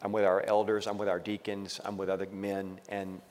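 Encouraging pastor with a lowish voice. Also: male voice, monotone, brisk, big-room sound. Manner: encouraging, preachy asides, warm emphasis. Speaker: pastor, co-host. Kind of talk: casual ministry talk on marriage.

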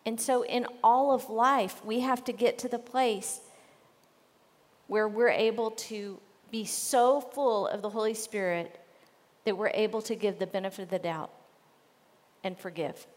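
A woman's voice: medium pitch, fairly even intonation, measured pace, in a large hall. A woman co-hosting a casual faith talk on marriage, earnest and conversational, with frequent fillers.

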